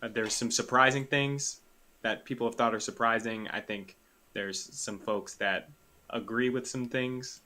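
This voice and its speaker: Bright-voiced man musing on football picks. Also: mid-range voice, fairly even intonation, unhurried. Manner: thinks aloud, hedging with "like". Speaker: podcast co-host. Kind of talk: casual sports chat.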